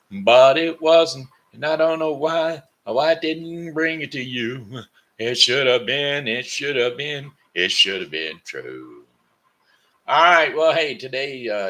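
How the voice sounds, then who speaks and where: A man's voice: mid-range voice, pushed and bright. A tired man hosting his own daily broadcast from home, rambling, repeating words and correcting himself. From Missouri, United States. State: tired, sleepy. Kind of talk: rambling casual monologue.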